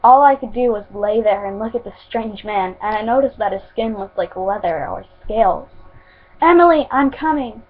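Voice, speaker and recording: A woman's voice: mid-range voice, moderate pace, few pauses. A woman reading her own fan fiction aloud at home, stumbling now and then and restarting words. The recording sounds tinny and phone-like. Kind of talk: homemade story reading.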